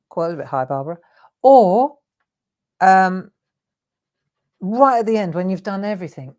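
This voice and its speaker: A woman with a fairly low voice leads a relaxed drawing tutorial. She talks chattily as she works, with a self-deprecating humour. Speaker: craft demonstrator hosting a live stream.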